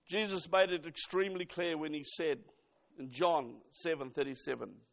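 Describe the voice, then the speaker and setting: High-voiced New man preaching. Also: normal speed, vocal fry, a bit bright. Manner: emphatic, quotes scripture, asks the congregation questions. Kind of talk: sermon.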